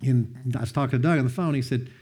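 A man sharing a personal testimony, earnest and heartfelt, often quoting others with lively bursts of emphasis. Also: mid-range voice, fast talker, breathy edge. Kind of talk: heartfelt storytelling talk.

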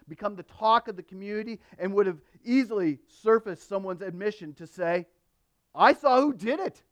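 A male pastor preaching a sermon, emphatic, dropping from loud to hushed and asking the listeners questions. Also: on the high side. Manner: asks the listeners rhetorical questions.

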